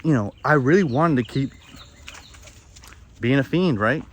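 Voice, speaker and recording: Out in the woods, a young male vlogger gives a candid, profane confessional monologue, rambling and often restarting sentences. His mid-range voice is expressive and unhurried.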